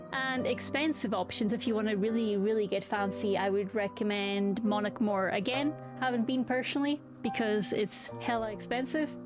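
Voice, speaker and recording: A young woman chatting casually with her viewers, bubbly and giggly. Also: medium pitch. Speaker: streamer. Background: background music.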